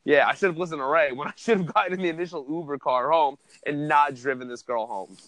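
A young man telling a wild story in casual chat, animated and profane, laughing as he goes. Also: a little high, fast, no echo. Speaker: podcast host telling a story.

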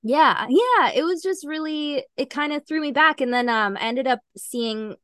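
A woman's voice: high voice, animated, moderate pace, a bit bright, no room sound. A young woman podcast host telling a personal story in casual chat, rambling with lots of fillers and little laughs.

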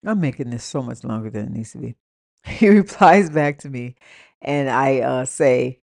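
A woman's voice: a bass voice, moderate pace, creaky, darkish tone, dry recording, clean studio sound. A young adult woman hosting a podcast, telling a story and giving dating advice in a casual rant with blunt, profane remarks and laughing asides. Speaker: podcast host.

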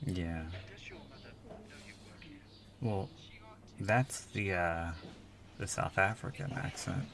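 A man co-hosts a casual film podcast in a lowish voice. He talks very slowly and hesitantly, with crude, blunt jokes. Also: noisy background. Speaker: podcast co-host.

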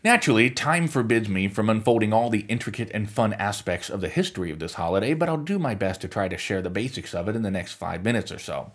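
A man's voice: lowish voice, slightly rough. A man hosting a podcast, delivering scripted commentary with wry, sarcastic asides. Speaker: podcast host.

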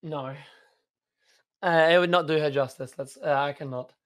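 A man's voice: fairly high pitch, fairly even intonation, normal speed. A young man, a streamer, talking in a casual chat, rambling and hesitant with lots of fillers. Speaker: streamer guest.

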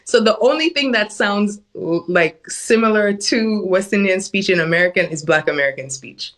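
A woman's voice: mid-range voice, moderate pace, fairly bright tone. A woman from the West Indies, a guest on a podcast, chatting casually and laughing often as she explains. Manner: laughs often, playful, breaks into mimicry. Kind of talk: casual chat.

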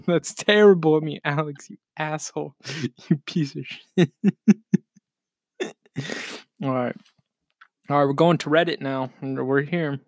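A man with a fairly high voice co-hosts a casual podcast, speaking slowly with frequent pauses, reading posts aloud and rambling loosely. He swears freely, jokes, laughs at himself and keeps burping between sentences. The audio is studio quality with no echo.

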